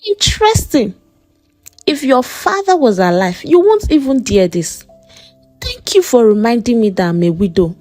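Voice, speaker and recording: A woman's voice: on the high side, big pitch swings, moderate pace, darkish tone, no room sound, soft background music. Sarcastic Nigerian church mother, voiced by a woman. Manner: mocking, sermon-like scolding. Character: stern churchgoing widowed mother, sarcastic, preachy.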